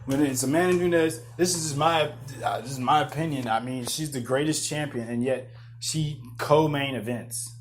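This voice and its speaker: A man hosting a podcast, rambling in excitable, profane casual chat full of restarts. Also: medium pitch, moderate pace, a little hiss or hum. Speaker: podcast host. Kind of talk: casual chat about MMA fights.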